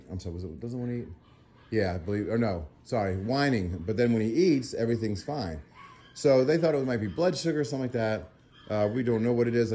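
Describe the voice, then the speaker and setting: Tired man rambling softly, mellow low voice. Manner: rambling, filler-heavy, soft baby talk to a puppy. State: tired after a sleepless night. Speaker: animal sanctuary vlogger. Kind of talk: casual talk to camera.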